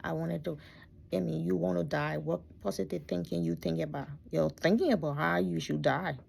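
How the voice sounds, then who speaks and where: A middle-aged woman recounts her past from her own bedroom in a hushed, reflective voice. Her tone is deep and gravelly, mellow and dark, and it often sinks to a near whisper. She sounds close to tears. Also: fairly even intonation, moderate pace. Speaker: vlogger telling her life story. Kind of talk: personal storytelling.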